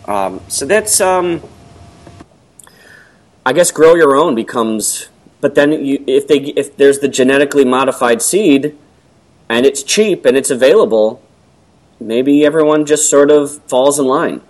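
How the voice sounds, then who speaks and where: A middle-aged man co-hosting a casual talk, rambling and hesitant, with many pauses and ums. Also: medium pitch. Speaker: podcast co-host. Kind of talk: casual conversation.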